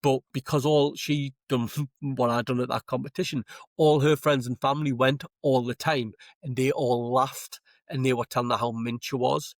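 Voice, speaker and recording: A man's voice: mid-range voice, normal speed, no room sound, studio quality. A man with a Geordie accent, a stand-up comedian guesting on a podcast, telling stories in casual chat, swearing freely and acting out what people said. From Newcastle, England. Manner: swearing, animated anecdotes with acted-out quotes. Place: podcast studio.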